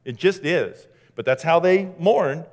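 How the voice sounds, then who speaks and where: A man preaching a sermon in a conversational, animated way, acting out scripture quotes as he goes. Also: on the high side, measured pace. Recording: long hall reverb.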